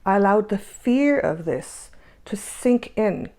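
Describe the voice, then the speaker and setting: A woman's voice: mid-range voice, animated, slow pace, mellow. A woman hosting a spiritual energy-update monologue, emphatic, repeating her phrases and asking rhetorical questions. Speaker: spiritual channel host.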